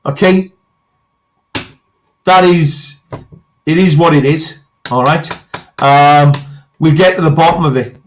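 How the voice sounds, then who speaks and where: A man's voice: mid-range voice, slight background noise. Ranting English man, "all right?". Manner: repeats "all right?", ranting then pleading. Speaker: host. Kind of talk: livestream rant.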